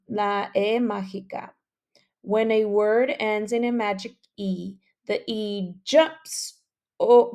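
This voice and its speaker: A woman's voice: mid-range voice, warm tone. A woman teaching a bilingual phonics lesson, drawing out letter sounds and repeating rules in English and Spanish. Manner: switches between English and Spanish.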